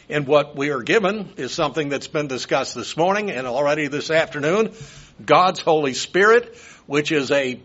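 An older man preaches a sermon, wandering into folksy personal asides. His voice sits a little high for a man. The recording is dull and lo-fi. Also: fairly bright tone, breathy edge. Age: 70s. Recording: dull lo-fi sound.

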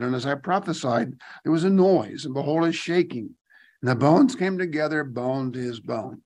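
A man leading a Bible study, reading scripture aloud and commenting on it in casual asides, rising emphatically on key phrases. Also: a little high. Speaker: Bible teacher.

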